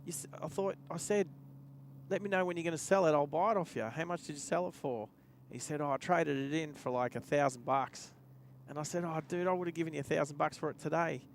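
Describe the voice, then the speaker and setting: Gravelly Australian bloke telling a story. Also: male voice, on the high side, a little fast, slight background noise. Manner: rambling anecdote, chuckling to himself. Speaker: driving livestream host. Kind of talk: casual storytelling while driving. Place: inside a car.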